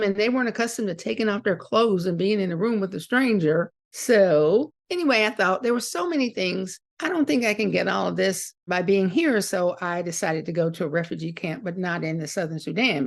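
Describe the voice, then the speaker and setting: A middle-aged woman, a guest on an interview show, telling stories animatedly and acting out the voices of the people in them. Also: mid-range voice. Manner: animated storyteller acting out quoted dialogue. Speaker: guest, author. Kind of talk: storytelling interview.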